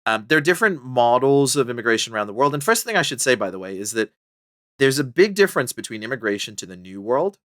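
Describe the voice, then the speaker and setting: A man's voice: quick pace, no room sound, clean studio sound. A man being interviewed about his book, talking casually and animatedly with lots of fillers. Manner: animated, chatty, full of fillers and pitch jumps. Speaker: podcast guest, book author.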